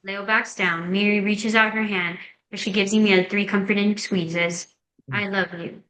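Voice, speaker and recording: A woman's voice: medium pitch, steady tone, normal speed, fairly bright tone. A woman narrating, reading a screenplay's scene and action lines in a plain, descriptive way. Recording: echoey room.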